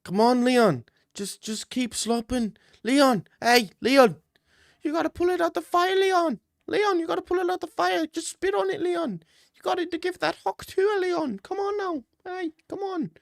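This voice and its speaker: A man's voice: extremely high pitch, normal speed, creaky, no echo, studio quality, voice pushed up. A man putting on the voice of a frantic corner coach who keeps barking urgent, repetitive instructions between rounds.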